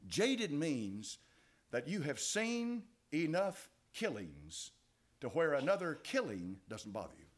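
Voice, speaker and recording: An older man with an East Tennessee accent preaching a sermon as pastor, dropping to quiet asides and rising to loud exclamations. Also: a little high, huge pitch swings, slow. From United States.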